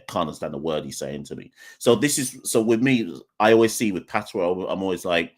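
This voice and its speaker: A man's voice: low-pitched, lively intonation, fairly quick, few pauses. A young man with an English accent, born in Jamaica, hosting a live call-in podcast in a rambling, conversational way full of restarts. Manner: rambling, self-correcting, conversational. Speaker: podcast host.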